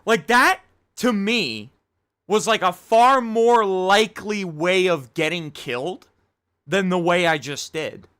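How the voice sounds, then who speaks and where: High, animated young man streaming games. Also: takes it slowly, clean tone. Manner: rambling, self-critical, swears often. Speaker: game streamer. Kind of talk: casual live-stream chat.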